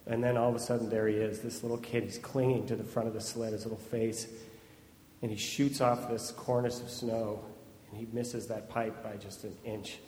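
A man telling a personal story to an audience, lively and laughing often as he piles on vivid detail. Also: on the low side, moderate pace, slight background noise. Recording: echoey hall playback with faint ambience.

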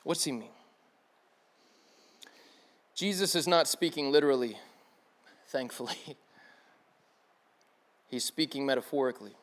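A man preaching a sermon in a casual, slangy way, acting out the people he quotes. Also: mid-range voice. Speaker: pastor.

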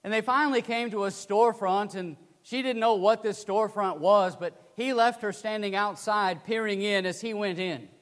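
A man preaching a sermon as dramatic storytelling, swinging from loud to hushed, with a long hall reverb. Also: sits high, fairly even intonation, moderate pace, hardly any pauses.

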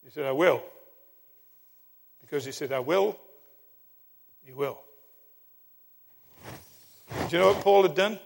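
A man preaching a sermon, telling stories with dramatic emphasis and long pauses. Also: a little high, vocal fry. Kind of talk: sermon with storytelling. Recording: long hall reverb.

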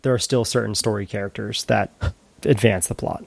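A man's voice: on the low side, fairly even intonation, vocal fry, no echo. Man chatting casually, dry close sound. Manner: enthusiastic, halting with many restarts. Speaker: podcast co-host. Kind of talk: casual chat.

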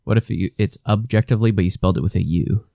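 A man with a very low, gravelly, dark voice co-hosting a casual podcast. He makes deadpan wordplay jokes. The sound is dry and close. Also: fast talker, dry recording. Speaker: podcast co-host. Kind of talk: casual chat.

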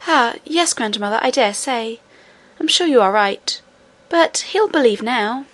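A woman doing a high eager little princess. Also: unhurried. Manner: high, excited and pleading.

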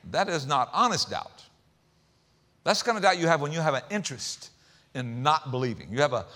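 Preacher guy, joking around mid-sermon, fairly high voice, lots of bounce in it. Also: pushed and bright, big-room sound. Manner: conversational and humorous, with quick asides and repetitions. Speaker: pastor.

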